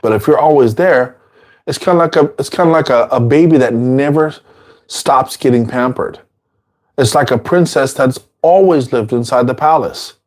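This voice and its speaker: A man giving an informal dharma talk, casual and repetitive, sometimes acting out quoted people in a higher voice. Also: normal speed, darkish tone. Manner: casual, repeats phrases, acts out quotes in a high voice. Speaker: dharma teacher.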